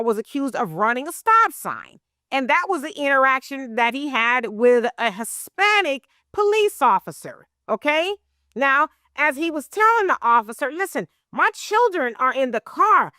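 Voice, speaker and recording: A woman's voice: sits high, animated, moderate pace, sharp tone, no room sound, clean studio sound. A woman giving casual news commentary, talking straight to her viewers and acting out what others said. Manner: conversational, addresses viewers directly, acts out quotes. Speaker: online commentator.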